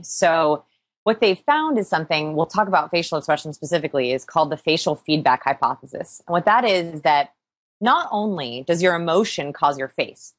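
A woman interviewed as an expert, explaining energetically with quick examples. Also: sits low, dry recording. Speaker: interview guest, body language expert. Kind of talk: podcast interview.

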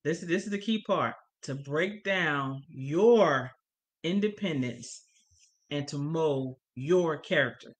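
A woman's voice: low voice, expressive, slow pace. A woman co-teaching a church family course. She reads passages from the course material aloud and then explains them, stressing the key points.

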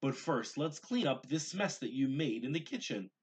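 A man's voice: mid-range voice, lively intonation, moderate pace, slight background noise, voice pushed up, close to an everyday voice. Man doing a stern storybook mother. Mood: approving. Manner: firm, scolding. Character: stern but kind mother.

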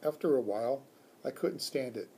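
A man from a school reading a children's book aloud in a calm, measured storytelling manner. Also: mid-range voice, creaky, slight background noise. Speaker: school staff reader.

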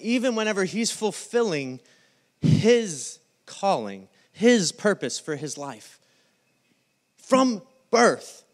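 Man, pastor, sermon, high voice, slow, acts out the story. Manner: animated storytelling, acting out the scene in quoted voices.

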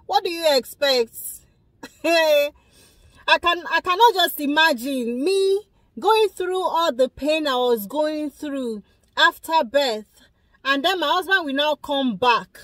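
A young woman giving animated, emphatic commentary on a video, speaking straight to her viewers. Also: high voice, slow, dry recording. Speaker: vlogger reacting to a video. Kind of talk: casual opinionated commentary.

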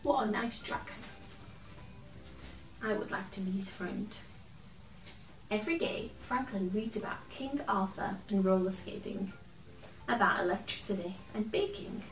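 A woman reads a children's picture book aloud in a gentle, expressive storytelling voice, pausing to chat with a toy friend. Her voice sounds set back from the mic in a roomy, echoey space. Soft music plays faintly beneath her. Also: medium pitch, far from the mic.

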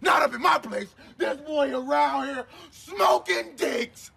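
A man playing a loud, hot-tempered older father in a comedy sketch, shouting and ranting in rhymes. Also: very high voice, slow, creaky, crowd noise, full character voice.

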